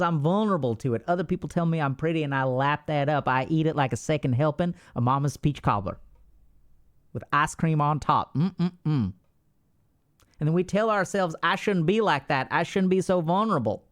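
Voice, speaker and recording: A man's voice: fairly high pitch, moderate pace, lightly acted. A man putting on a Texan accent to play a folksy, drawling adviser full of homespun sayings. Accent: put-on Texan drawl.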